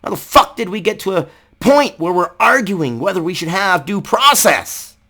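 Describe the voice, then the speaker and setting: A political commentary vlogger rants angrily, swearing heavily, raising his voice to shouting at times, and firing off rhetorical questions. His voice is high-pitched and expressive, at normal speed.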